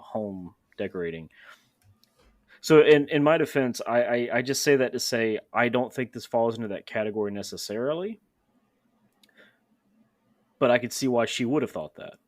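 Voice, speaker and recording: A man's voice: medium pitch, normal speed, dry recording. A young adult man hosting a podcast, telling candid, self-deprecating stories in casual chat. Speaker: podcast host.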